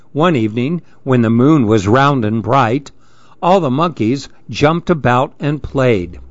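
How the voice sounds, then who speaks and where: A man reading children's stories aloud in an expressive, sing-song storybook manner. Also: medium pitch, no room sound. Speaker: narrator. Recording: dull dry close recording.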